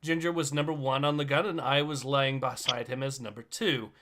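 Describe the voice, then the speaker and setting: A man's voice: mid-range voice, fairly even intonation, fairly quick, a bit bright. A man co-hosting a story livestream, introducing each story and reading one aloud. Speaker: livestream co-host. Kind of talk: reading stories aloud and chatting.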